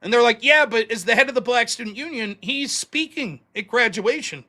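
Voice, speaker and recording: Guy with a high bright voice rambling through a crude story on his stream, lots of likes and ums. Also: expressive, a little fast. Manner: profane, rambling anecdote with lots of fillers. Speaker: host of a live streaming show. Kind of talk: casual storytelling monologue.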